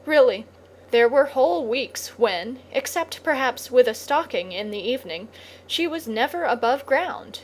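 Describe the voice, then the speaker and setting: A woman reads a classic children's novel aloud at a slow, measured pace. Her storytelling is gently wry, with confiding asides to the listener. Her voice sits a little high, with a faint hiss behind it. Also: animated. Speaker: audiobook narrator. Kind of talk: storybook narration.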